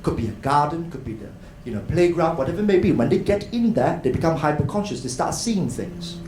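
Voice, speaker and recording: A man giving an animated educational talk at a conference, often addressing the crowd as ladies and gentlemen. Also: fairly high pitch, fairly quick. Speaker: conference speaker. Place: hotel conference hall. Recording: echoey hall, faint noise.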